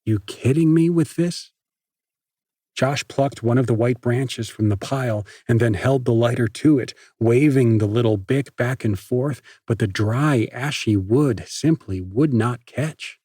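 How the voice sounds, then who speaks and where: A man with a husky voice reading an audiobook in a steady, measured way. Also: mid-range voice, dry recording, clean studio sound. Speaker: audiobook narrator. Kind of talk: scripted narration.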